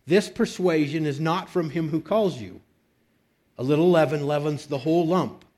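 A man's voice: on the high side, moderate pace, darkish tone. A man preaching a conversational sermon, reading scripture and breaking into emphatic bursts. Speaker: pastor.

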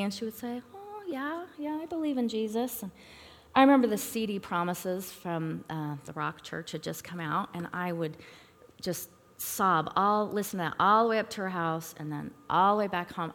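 Earnest woman telling a testimony. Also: on the low side. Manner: earnest, halting with frequent fillers. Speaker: speaker at a church talk. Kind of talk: personal testimony and storytelling. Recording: long reverb in a hall.

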